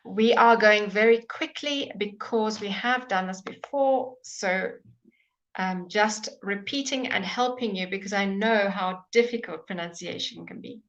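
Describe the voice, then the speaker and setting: Bright-voiced patient pronunciation teacher woman. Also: mid-range voice. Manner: patient, encouraging, models sounds slowly and exaggerates them. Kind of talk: live online language lesson.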